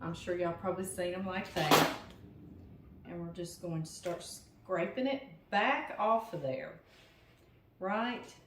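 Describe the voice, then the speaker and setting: Slow-talking older Southern woman in an echoey kitchen. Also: on the low side, background noise. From Louisiana. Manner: chatty, talks straight to viewers as "y'all". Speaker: home cooking vlogger. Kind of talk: casual cooking demonstration. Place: home kitchen. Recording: roomy kitchen echo.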